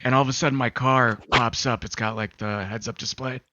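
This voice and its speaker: A man's voice: medium pitch, steady tone, a little fast, pushed and bright, dry recording. A man co-hosting a gaming talk show, rambling casually with lots of fillers and acting out quotes. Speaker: podcast co-host. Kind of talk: casual chat and storytelling. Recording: slightly dull sound with faint music.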